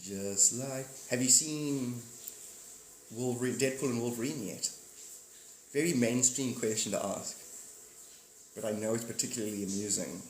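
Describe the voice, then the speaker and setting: A man's voice: medium pitch, moderate pace, long pauses, a little hiss or hum. A man hosting a casual live stream, rambling, joking and greeting his viewers by name. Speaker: livestream host. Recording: echoey room with faint ambience.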